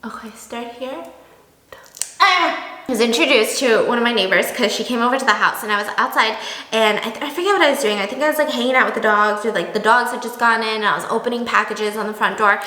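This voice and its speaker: Chatty young woman vlogging, animated storyteller, roomy echo. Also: a little high, quick pace. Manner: chatty, animated, laughs while telling stories. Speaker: beauty vlogger. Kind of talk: casual storytelling vlog.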